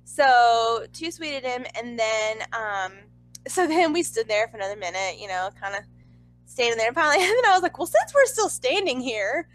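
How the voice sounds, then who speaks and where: A young woman telling a story in a chatty, excitable way, full of "like.". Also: a little high, normal speed, rough recording. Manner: chatty, excitable, heavy use of "like". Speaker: vlogger. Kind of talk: casual storytelling.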